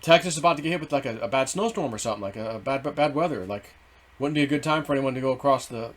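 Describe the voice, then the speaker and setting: A middle-aged man telling a story in a rambling, excitable way, swearing and then softening his words. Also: medium pitch, racing. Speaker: vlogger. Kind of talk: casual storytelling.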